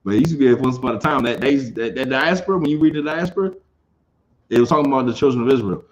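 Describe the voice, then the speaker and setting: A man's voice: mid-range voice, rapid-fire, highs cut off, a little hiss or hum. A man teaching an informal scripture class. He talks emphatically, repeats his phrases and keeps asking whether his listeners understand.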